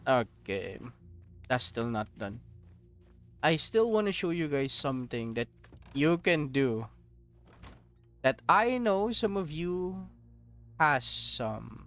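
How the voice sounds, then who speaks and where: A man's voice: a little high, big pitch swings, slow, pauses often, a bit bright. A man streaming a mobile game, giving casual, joking commentary to his viewers. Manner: joking, profane, talks to viewers as homies.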